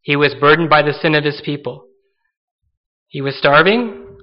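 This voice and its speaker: An earnest preacher, a man with a high voice, delivers his sermon and slips into acted-out voices for the stories he tells. The recording is a little dull and lo-fi. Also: normal speed. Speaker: pastor.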